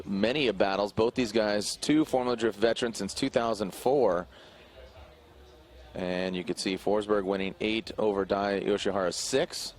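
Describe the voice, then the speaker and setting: A man doing live play-by-play commentary at an outdoor drift event, his voice climbing as he calls the action. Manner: energetic, rises in pitch calling the action.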